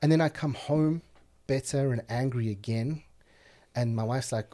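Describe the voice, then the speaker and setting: A man's voice: mid-range voice, moderate pace, mellow. A man talking as a podcast guest, telling blunt, profane stories in casual conversation. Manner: blunt, profane, heated storytelling.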